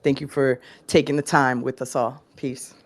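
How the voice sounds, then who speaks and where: A woman with a notably low voice speaks in an upbeat way, thanking the room before she leaves a live audio chat. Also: flat delivery, normal speed. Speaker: audience speaker.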